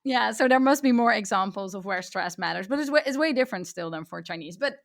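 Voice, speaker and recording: Woman with a creaky voice. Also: mid-range voice, animated, quick pace. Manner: curious, asks layered questions with self-corrections. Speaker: podcast host, interviewer. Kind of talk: casual interview talk.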